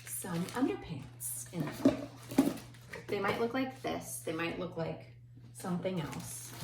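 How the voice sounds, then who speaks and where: A woman teaching her kindergarten class remotely, with gentle sing-song talk aimed at small children. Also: fairly low pitch, vocal fry, echoey room, far from the mic, noisy background.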